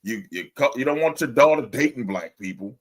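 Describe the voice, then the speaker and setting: Man, podcast co-host, casual chat, profane, animated rant, laughs often. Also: mid-range voice, a little fast.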